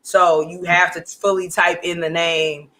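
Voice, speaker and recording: A woman in her thirties, a comedian guest telling stories in a brash, profane, animated way. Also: on the low side, a little slow, slight background noise. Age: 30s. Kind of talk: casual storytelling.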